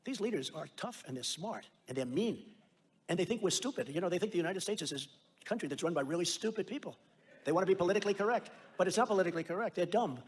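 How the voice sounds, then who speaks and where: A man's voice: high-pitched, expressive, fast, slightly rough. A man giving a rally speech in a rambling, boastful, repetitive way. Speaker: political speaker.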